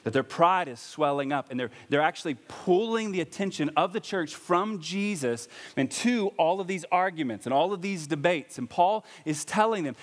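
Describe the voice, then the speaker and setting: A man's voice: fairly high pitch, lively intonation, moderate pace, hardly any pauses. A man preaching a sermon as pastor, talking in a conversational way with bursts of raised emphasis. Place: church hall. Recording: long reverb of a church hall.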